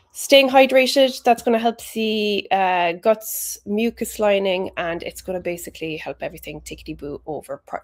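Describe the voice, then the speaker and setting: A woman giving a chatty, encouraging health talk. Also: on the low side. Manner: chatty and encouraging, with British slang. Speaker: health educator.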